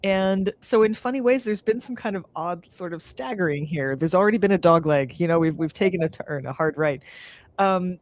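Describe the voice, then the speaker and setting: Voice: mid-range voice, normal speed. A podcast co-host chatting casually, laughing a lot and reading out listener comments. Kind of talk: casual chat.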